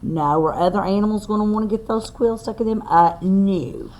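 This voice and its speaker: A woman teacher with a mid-range, darkish voice reads a picture book aloud to young children in a slow, sing-song way, stopping to ask the class questions. There's a little hiss or hum on the recording.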